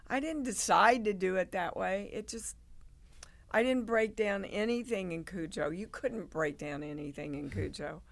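An older woman, a guest actress, telling animated stories in a casual interview and acting out the people she quotes. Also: mid-range voice, normal speed, gravelly. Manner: animated storyteller, acts out quoted voices.

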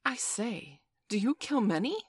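Woman doing an eager high-voiced young boy. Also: unhurried, husky, dry recording, studio quality. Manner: eager, excitable.

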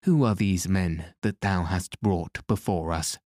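A man's voice: low voice, a little slow, darkish tone, no room sound, studio quality. A man voicing a stern, angry king in a storybook reading, with commanding archaic speech. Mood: puzzled.

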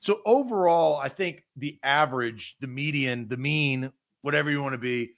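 A man hosting a live-streamed sports talk show, chatting casually and rattling off viewer comments rapid-fire. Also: mid-range voice, creaky, a bit bright.

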